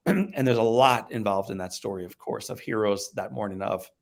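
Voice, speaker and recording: A middle-aged man from the Midwest, a motivational speaker and podcast guest, telling a personal story in an animated way, hushing low and then getting loud. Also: normal speed, creaky. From American Midwest. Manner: animated storyteller, acts out voices and swings from hushed to loud.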